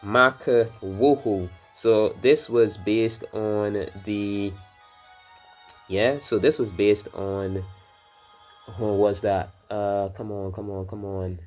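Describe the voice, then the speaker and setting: A man's voice: on the low side, steady tone, slow pace, faint music behind. A man from Barbados giving casual, rambling commentary while playing a racing game, drifting into swearing rants. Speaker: gameplay commentator.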